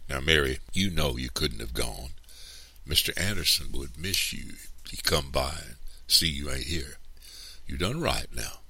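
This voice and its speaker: A man reading the lines of an old grandmother, reassuring and soft. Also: a bass voice, lively intonation, unhurried, breathy edge, full character voice. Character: old Southern grandmother, gentle and steady.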